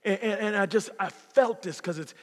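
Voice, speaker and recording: A man in his fifties preaching a sermon as pastor, swinging from loud preaching to hushed near-whispers. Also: sits high, moderate pace. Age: 50s. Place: church sanctuary. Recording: long hall reverb.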